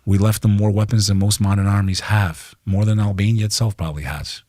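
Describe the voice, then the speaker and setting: Heated, low-voiced middle-aged American man. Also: fairly even intonation, a little fast, a little mellow, no echo, studio quality. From United States. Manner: heated, emphatic, profane, keeps saying "bro". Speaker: podcast guest. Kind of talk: impassioned podcast talk.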